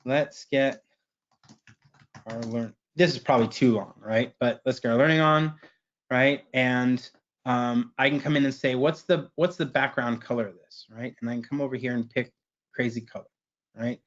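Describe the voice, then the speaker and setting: A man presenting a webinar, walking through a software screen share in a casual way and tagging his sentences with "right?". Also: mid-range voice, fairly even intonation, moderate pace, highs cut off. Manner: casual, keeps asking "right?".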